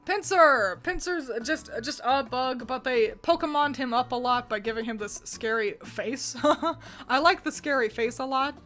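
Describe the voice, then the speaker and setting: A woman with a somewhat high voice talks through her picks in a relaxed, opinionated way. She is chatty and animated, and leans on filler words as she thinks aloud. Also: normal speed, faint music behind. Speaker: video host ranking designs. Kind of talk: casual opinionated commentary.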